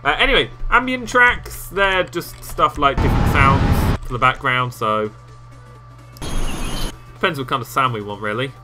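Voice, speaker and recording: A man walking viewers through video editing software in a casual, rambling tutorial with self-mocking asides, recorded on a desktop microphone. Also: mid-range voice, unhurried, over music. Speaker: game tutorial host.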